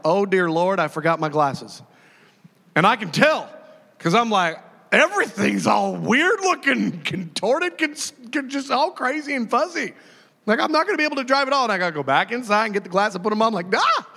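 A man delivers a sermon in a bright, high-pitched voice, chatty and animated, breaking into acted-out exclamations. His voice rings with a long hall reverb. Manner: animated, conversational, acts out quoted voices. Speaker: pastor.

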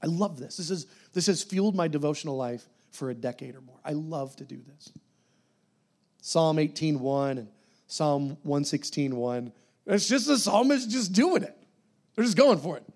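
A middle-aged man preaching a sermon in a casual, conversational way, sometimes dropping to soft whispered prayers. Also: fairly high pitch, lively intonation, moderate pace.

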